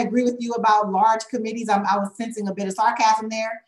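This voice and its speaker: A woman's voice: a little high, flat delivery, quick pace. A woman consultant answers board members' questions at a meeting, thinking aloud with fillers and "right?" tags. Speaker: consultant presenting to a school board. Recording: echoey meeting room.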